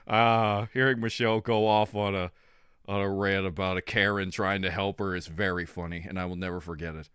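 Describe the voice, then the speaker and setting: A man streaming and chatting casually with his audience, rambling and animated, coughing now and then. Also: fairly low pitch, normal speed, clean tone, no room sound, clean studio sound.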